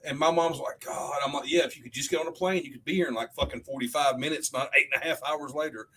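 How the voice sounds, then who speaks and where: A man's voice: a little high, fast, breathy edge. A man co-hosting a podcast, telling stories in casual, profanity-laden chat. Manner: profane, animated storyteller. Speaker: podcast co-host.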